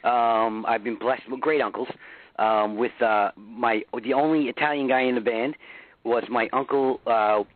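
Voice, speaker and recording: A man's voice: medium pitch, fairly even intonation, unhurried, no echo. A man with a New York accent, a guest musician chatting loosely in a radio interview, swearing freely and laughing often. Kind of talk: casual radio interview chat. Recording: tinny phone line.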